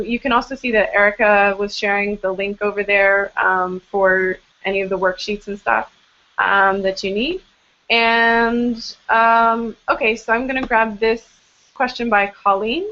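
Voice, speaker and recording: A woman's voice: medium pitch, bright, forceful tone. A young adult woman hosting a live online Q&A on blogging, giving casual advice in a chatty, upbeat way with lots of "um"s and self-deprecating asides. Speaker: blog coach hosting a live Q&A. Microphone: video call. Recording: slightly dull, muffled video-call audio.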